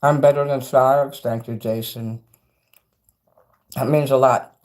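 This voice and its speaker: A middle-aged man livestreaming and reading chat, ranting angrily and profanely, swinging between loud outbursts and quiet asides. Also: mid-range voice, steady tone, a little slow. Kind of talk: angry livestream rant.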